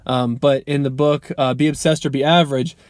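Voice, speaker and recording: A man's voice: medium pitch, fairly even intonation, brisk, no room sound, clean studio sound. A young man talking casually to camera in a vlog, earnest and motivational, rambling with many ums and restarts. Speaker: vlogger. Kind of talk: casual unscripted vlog talk.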